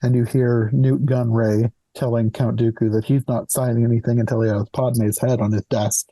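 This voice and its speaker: A man hosting a movie podcast, recapping scenes in a relaxed way with dry chuckles. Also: mid-range voice, moderate pace, no room sound. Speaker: podcast host.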